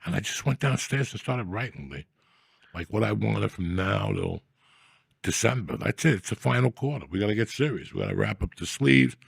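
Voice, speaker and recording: Podcast host, middle-aged man, husky voice, dry close sound, profane and rambling, gruff comic delivery. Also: on the low side, animated, normal speed, dry recording. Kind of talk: casual comedic rant.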